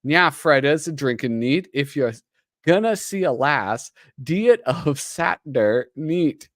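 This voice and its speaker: A rough young British lad from a comic strip, as a man reads him aloud, drawling the lines in a put-on accent. The voice is pushed slightly higher and louder, and the sound is dry and close. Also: lively intonation, no room sound. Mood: blustery. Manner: drawn-out mock British accent, reading comic dialogue.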